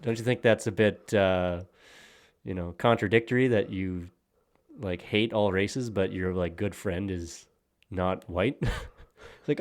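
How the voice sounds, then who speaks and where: A man's voice: deep voice, a little slow. A young man co-hosting a podcast, rambling and joking crudely in casual banter with lots of fillers and laughs. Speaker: podcast co-host.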